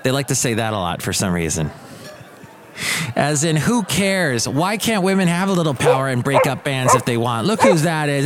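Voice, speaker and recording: A man's voice: mid-range voice, sing-song, normal speed. Rambling middle-aged man telling stories. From Southern California. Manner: rambling, digressive storytelling with asides. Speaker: podcast host. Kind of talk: casual monologue.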